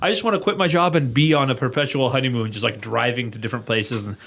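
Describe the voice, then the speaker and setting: A man's voice: mid-range voice, quick pace, fairly bright tone. A young man co-hosting a comedy podcast, chatting loosely and laughing often. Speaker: podcast co-host. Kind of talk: casual comedy podcast chat.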